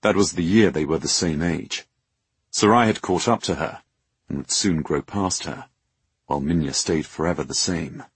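A man narrating a novel with a very low, husky voice. He reads in a measured, dramatic manner. The recording is close and dry. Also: dry recording. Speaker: audiobook narrator. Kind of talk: scripted narration.

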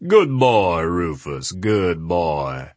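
A man voicing a short, gruff middle-aged homeowner who speaks bluntly and with command, in an audiobook. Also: sits low, sing-song, very slow, darkish tone, no echo, full character voice. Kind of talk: audiobook character voice.

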